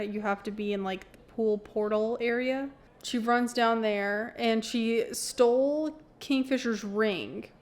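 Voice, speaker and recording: A woman's voice: a little high, a little mellow. A woman reading passages from a novel aloud in a casual vlog, giggling often and adding blunt commentary that swears freely. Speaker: book vlogger.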